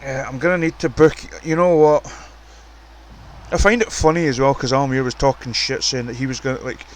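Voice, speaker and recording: A man giving casual, profane, excitable commentary on a wrestling video game and ranting about the roster. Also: medium pitch, brisk. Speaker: commentator and show runner.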